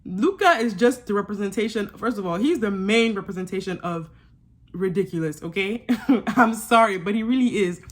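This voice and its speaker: A sassy young woman chatting through a reality show recap, animated and quick to laugh at the cast. Her pitch sits in a middle range. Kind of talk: casual recap commentary.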